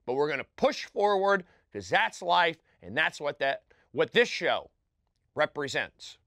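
A man hosting a comedy show, delivering a self-serious monologue in clipped, halting phrases that often drop suddenly in volume. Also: fairly high pitch, big pitch swings, pushed and bright, no echo, studio quality.

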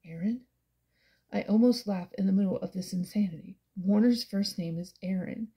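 A woman's voice: medium pitch, fairly quick, warm tone. A woman giving an intense, dramatic first-person audiobook narration.

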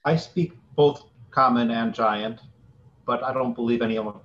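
A man, a player in a tabletop game, answering calmly in character. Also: medium pitch, moderate pace. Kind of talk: casual in-character play. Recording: dull lo-fi mic.

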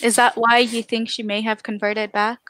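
A woman hosting an interview, reacting briefly and asking gentle follow-up questions. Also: a little high, little pitch movement, normal speed, no room sound. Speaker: host.

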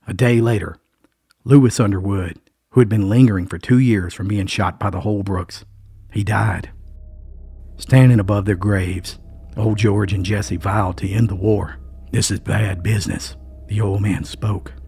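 Low-voiced man telling a dark folk tale. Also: steady tone, a little slow, slightly rough. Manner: suspenseful, folksy storytelling with emphatic asides. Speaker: storyteller. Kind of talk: dramatic scripted narration. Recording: faint music underneath.

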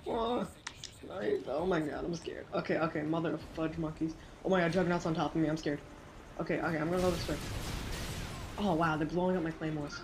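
A woman giving live gameplay commentary, excitable and jumpy, breaking into quick exclamations and goofy minced oaths. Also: low voice, background noise. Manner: self-censoring, silly minced oaths.

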